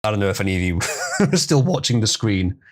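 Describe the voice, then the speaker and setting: A man's voice: on the low side, sing-song, a little fast. A man hosting a livestream, reading an article aloud and breaking in with sarcastic, crude remarks. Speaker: livestream host.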